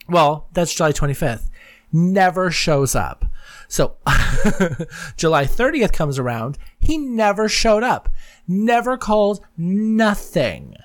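A podcast host giving a solo rundown of news stories in a gossipy, excitable, profane way, full of quick asides. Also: medium pitch.

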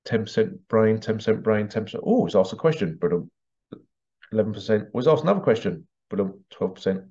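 A man's voice: lowish voice, expressive, quick pace, warm tone, muffled recording. A man hosting a podcast in a casual, rambling monologue, digressing often and dropping in playful vocal sound effects. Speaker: podcast host.

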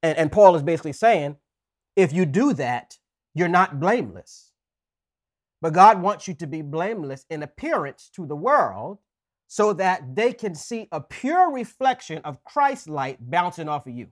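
A man preaching a sermon in a conversational way, often checking in with "right?" and reading scripture slowly with emphasis. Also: fairly high pitch, very animated. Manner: folksy asides.

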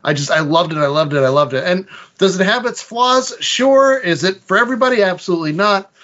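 A man's voice: high-pitched, expressive, a little fast, fairly bright tone. A man co-hosting a podcast in casual chat, talking with eager fan enthusiasm over lo-fi audio. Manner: enthusiastic, gushing fan talk. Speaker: podcast co-host.

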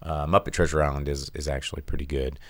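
A man co-hosting a casual live-streamed show, reading viewer chat and breaking into silly high cartoon voices. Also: level tone, fast, fairly bright tone, dry recording. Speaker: podcast co-host reading Twitch chat.

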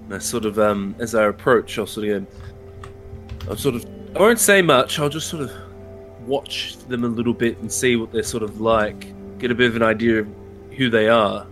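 A man taking his turn in a tabletop game, describing what his character does in a hesitant, filler-heavy way. His voice is lowish, and faint music plays behind him. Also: normal speed, fairly bright tone. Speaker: player. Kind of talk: casual tabletop play.

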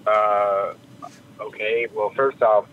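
A man calling in, speaking haltingly with many fillers, then swearing back at the host. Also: on the low side, flat delivery, narrow, tinny audio, slight background noise. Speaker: caller.

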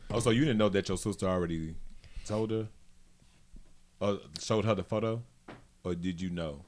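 A male host with a lowish voice, posing questions in a relaxed interview and adding teasing jokes. A faint noise sits behind him. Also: moderate pace.

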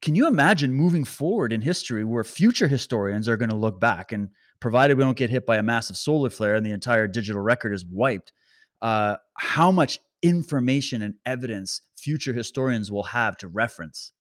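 Male commentator, mid-pitched, talks to camera with indignant, rambling energy, dry close mic. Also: fairly quick, no room sound. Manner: animated, indignant, rambling with restarts. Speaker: political commentator. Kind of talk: casual commentary monologue.

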